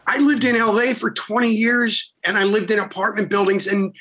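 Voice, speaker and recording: A man from Philadelphia, a rock singer, telling stories in casual, profane, animated talk as a podcast guest. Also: high voice, normal speed. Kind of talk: casual storytelling.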